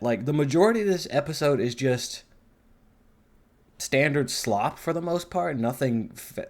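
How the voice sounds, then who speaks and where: Male reviewer, casual and rambling, mid-pitched, swears a lot. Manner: rambling, profane, animated. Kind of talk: casual commentary.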